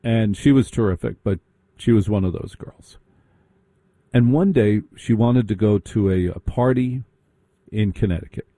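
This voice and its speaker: A man telling a sarcastic, animated comic story in a stand-up style. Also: on the low side, normal speed, dry recording. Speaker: comedic storyteller.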